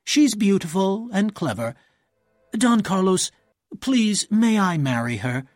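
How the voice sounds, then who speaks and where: Man voicing a weary young nobleman, languid, husky, raised pitch, dry close recording. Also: sing-song, slow, no echo, full character voice. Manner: tired, languid, higher put-on voice.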